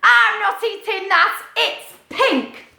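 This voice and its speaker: A woman's voice: extremely high pitch, slow, vocal fry, pushed and bright, pitched above the performer's own voice, exaggerated voice. A woman voicing a grumbling, fussy male duck who whines and sulks in a picture-book story. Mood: whiny. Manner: fussy and whining. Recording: roomy echo.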